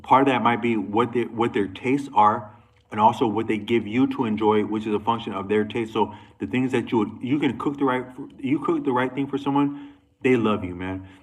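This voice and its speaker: Talking to the camera, a man rambles through a loose monologue, restarting sentences and drifting into asides. His voice is mid-range at a normal speed, and the audio quality is poor.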